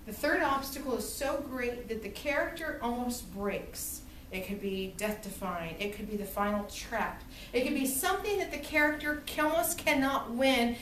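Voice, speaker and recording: A woman teaching a literature class, lecturing in a lively storytelling manner and acting out quotes. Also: a little high, slight background noise. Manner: animated storytelling with acted-out quotes. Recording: echoey classroom from far off.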